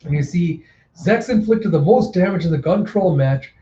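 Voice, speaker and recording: A chatty man narrates comic panels in a loose, animated way, often stopping to comment. His voice sits a little high but sounds mellow. It's a roomy, slightly dull home recording. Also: normal speed. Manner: chatty, animated, self-interrupting. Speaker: host. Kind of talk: casual comic readthrough narration.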